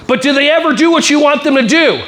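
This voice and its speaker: High-voiced playful male workshop speaker. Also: expressive, pushed and bright. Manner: playful, teasing, acts out kids and teachers in quick voices. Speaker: speaker at a staff wellness workshop. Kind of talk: comedic motivational talk.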